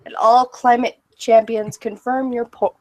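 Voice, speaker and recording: Woman, fairly high voice, unhurried, giggly, teasing stream chat. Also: flat delivery, a little mellow. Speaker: stream co-host. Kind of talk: casual chat.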